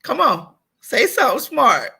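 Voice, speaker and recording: American woman co-host: husky, bright, unhurried; animated pitch, blunt profane roasting. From United States. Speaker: podcast co-host. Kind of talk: casual chat.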